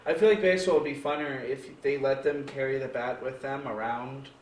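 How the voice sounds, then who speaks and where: A man co-hosting a casual podcast, joking and teasing with a lively delivery. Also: mid-range voice, a little fast, echoey room, a little hiss or hum, poor audio. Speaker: podcast co-host. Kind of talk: casual chat.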